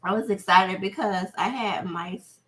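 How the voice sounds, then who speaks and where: A woman giving casual reaction commentary who laughs constantly and exclaims loudly. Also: medium pitch, measured pace. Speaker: reaction video host.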